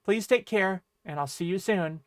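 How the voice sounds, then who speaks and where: A man with a notably high voice gives a friendly online language lesson. He explains patiently and keeps checking that his students follow along. The sound is dry, with no room echo. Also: normal speed, clean tone. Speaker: Japanese language teacher.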